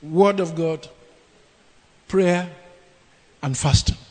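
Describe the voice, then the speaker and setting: A man's voice: fairly high pitch, extremely slow, a little mellow. A man preaching a sermon, emphatic and dramatic in his scripture reading. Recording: long reverb of a hall.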